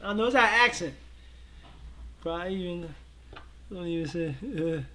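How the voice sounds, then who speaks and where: A high-voiced man chats easily with his viewers, full of slang and strings of yeah, yeah. His talk is loose and relaxed, the style of a casual livestream co-host. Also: normal speed. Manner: laid-back, slangy, many repeated fillers. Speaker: co-host of a reaction show.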